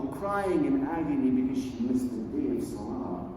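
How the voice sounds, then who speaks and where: A man preaching a sermon, swinging between hushed low lines and loud emphatic ones, and reciting verses quickly in a chanting tone. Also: expressive, a little hiss or hum. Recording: echoey hall, voice far from mic.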